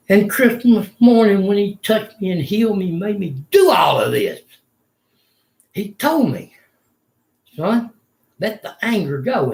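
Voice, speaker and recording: A man's voice: fairly high pitch, echoey room. An older man, ranting angrily and profanely in a rambling vlog monologue from a room in a retirement home. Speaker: vlogger.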